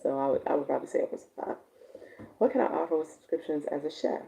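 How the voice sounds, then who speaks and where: Raspy low woman coaching live. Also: quick pace, rough recording. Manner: chatty, warm-toned, laughs often, answers viewers by name. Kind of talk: casual livestream chat reading viewer comments.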